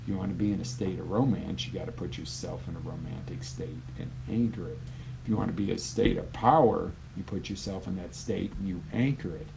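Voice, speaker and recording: Deep, gravelly-voiced man coaching emphatically. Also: fairly quick, slight background noise, rough recording. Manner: emphatic, conversational, swings from loud bursts to quiet asides. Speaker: life coach. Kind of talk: live motivational talk.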